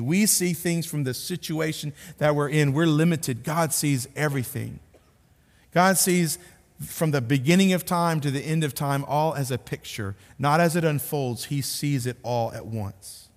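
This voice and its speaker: A man preaching a sermon as a pastor, earnest and repeating words for emphasis, sometimes dropping low and quiet to stress a point. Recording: long reverb of a large hall.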